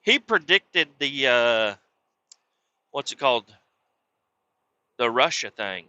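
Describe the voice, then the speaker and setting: A man with a very bright, sharp-edged voice tells a rambling, foul-mouthed story as a podcast host, slipping into the voices of the people he quotes. The sound is dry and close, with a slightly muffled, dull top end. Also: medium pitch, sing-song, slow pace, no echo. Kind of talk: casual storytelling monologue.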